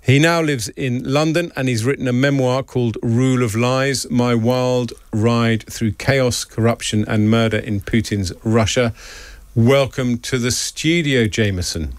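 A man hosting a radio interview in the studio, asking questions in a brisk, wry way. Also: medium pitch, no room sound. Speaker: radio host.

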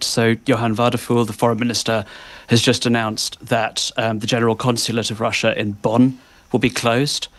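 Gravelly-voiced male correspondent, dry sound. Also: medium pitch, a bit bright, no room sound. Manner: articulate, analytical, with occasional "um" pauses. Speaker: foreign correspondent. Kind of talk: live radio interview.

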